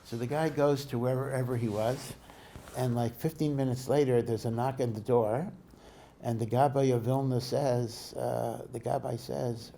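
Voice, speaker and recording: A man's voice: mid-range voice, steady tone, moderate pace, gravelly, mellow, a little hiss or hum. A man, a rabbi, giving a Torah lecture in a conversational, digressive storytelling way, often restarting his sentences and using Hebrew and Yiddish learning terms. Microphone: podcast recording of a lecture.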